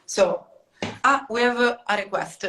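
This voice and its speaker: A woman's voice: fairly high pitch, a little slow, bright, forceful tone, reverberant, a little hiss or hum, poor audio. A woman whose first language is not English, co-hosting a podcast in casual chat and sometimes searching for words. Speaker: podcast co-host.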